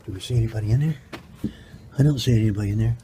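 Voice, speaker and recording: A man's voice: on the low side, fast talker, warm tone, slight background noise. An older man filming a casual home video, chatting and coaxing his baby granddaughter as he talks to her.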